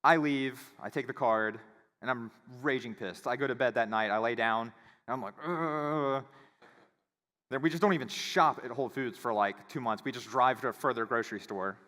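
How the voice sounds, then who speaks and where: Man, conference speaker, animated storytelling, middle pitch, long hall reverb. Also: a little fast. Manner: animated, acts out quoted voices. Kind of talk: casual storytelling talk.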